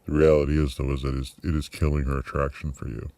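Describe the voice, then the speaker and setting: A middle-aged man talking through a personal video diary, reflective and halting, with many fillers and restarts. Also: extremely low pitch, little pitch movement, dark tone, dry recording. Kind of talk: personal vlog monologue.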